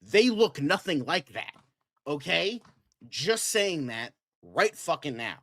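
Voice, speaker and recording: A man's voice: a little high, sing-song, takes it slowly, a bit bright. A man co-hosting a fan talk show, ranting heatedly and swearing constantly. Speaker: co-host. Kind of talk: profane ranting chat.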